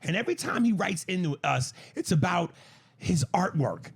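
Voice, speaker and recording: A man co-hosting a podcast, reading out and mocking a listener email in loud, crude casual banter. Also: moderate pace, vocal fry, husky. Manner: loud, animated and crude, jumps pitch for emphasis. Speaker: podcast co-host.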